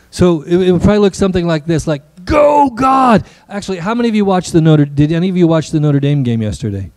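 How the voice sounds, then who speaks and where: A man's voice: a little high, warm tone, no echo. A man, a pastor giving a playful children's message in church and joking with the kids. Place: church sanctuary.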